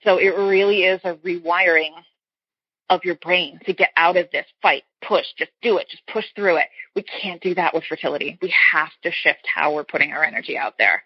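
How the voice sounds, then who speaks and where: A woman with a husky, slightly breathy voice talks earnestly as a guest coach. She explains her points with homely comparisons and often restarts her sentences. The sound is dry and a little dull and lo-fi. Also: on the low side, moderate pace, no room sound. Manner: earnest, explains with everyday analogies, frequent restarts. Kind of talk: casual interview chat.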